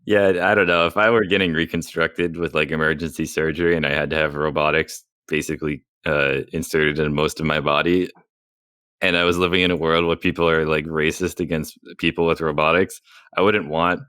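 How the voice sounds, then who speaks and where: A man's voice: rumbling low, flat delivery, brisk, bright, forceful tone, smooth, no echo. A young man in a casual podcast chat with friends, dry and laughing through his asides. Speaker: podcast co-host.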